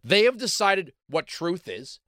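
Man, talk show host, opinion monologue, sarcastic, combative, slightly high voice, forceful. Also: big pitch swings, unhurried, no room sound, studio quality.

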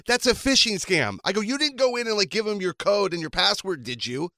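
Bright-voiced joking man. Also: sits high, very animated, a little fast, no room sound, studio quality. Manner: joking, explains things. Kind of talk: casual storytelling chat.

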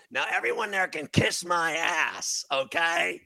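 Loud, gravelly ranting radio host man. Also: on the high side, expressive, measured pace, no echo. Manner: loud, profane, mocking ranting. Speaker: talk show host. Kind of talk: radio talk show rant.

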